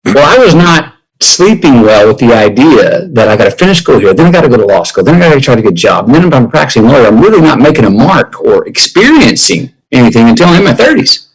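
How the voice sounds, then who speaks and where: A man in his fifties, a podcast guest, telling a personal story in an unhurried drawl and acting out remembered conversations. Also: mid-range voice, big pitch swings, breathy edge, rough recording. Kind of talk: reflective storytelling.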